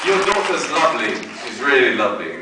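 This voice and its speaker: A man with a lively, sweeping voice trades jokes with fans, theatrical and teasing. The sound is roomy and far from the mic, with a noisy crowd all around. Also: mid-range voice, a little fast. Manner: theatrical, teasing, calls people darling. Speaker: convention panel guest. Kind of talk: playful live panel banter. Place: large convention hall. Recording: echoey hall, mic far off, loud crowd.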